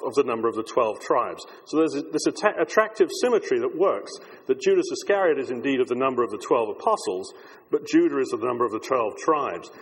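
A man preaches a thoughtful sermon, circling back and restarting his sentences as he works through his ideas. His voice is husky, at a middle pitch. A long reverb trails after each phrase, as in a large hall. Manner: reflective and discursive, with frequent restarts.

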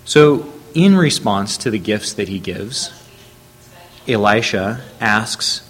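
A man preaching a sermon, telling a Bible story at a measured pace and reading scripture aloud. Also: lowish voice, expressive, fairly bright tone, breathy edge.

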